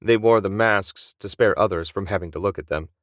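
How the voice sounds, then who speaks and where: A man narrating an audiobook in a steady, even storytelling manner. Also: low voice, a little fast, no echo, clean studio sound. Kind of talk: scripted narration.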